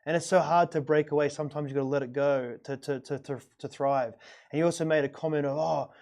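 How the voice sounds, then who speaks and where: Earnest guest guy, kinda high mellow voice, keeps restarting his words. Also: steady tone, quick pace. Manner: earnest, repetitive, stammering restarts. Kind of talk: casual conversation.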